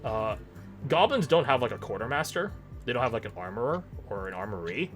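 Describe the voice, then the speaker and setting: A man running a tabletop game as game master, narrating in a lively, jokey way. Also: medium pitch, fairly quick, faint music behind.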